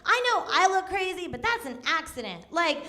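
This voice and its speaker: A woman's voice: extremely high pitch, big pitch swings, normal speed, sharp tone, slight background noise. A woman from New York City doing a stand-up comedy set, laughing often through her lines. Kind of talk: stand-up routine. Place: comedy club stage.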